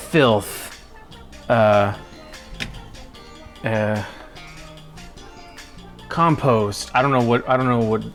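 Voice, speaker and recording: Goofy male cooking-stream host, unhurried and jokey, faint music under a home-kitchen mic. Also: medium pitch. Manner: goofy, jokey, talks to chat and pets while cooking. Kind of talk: casual cooking livestream chat.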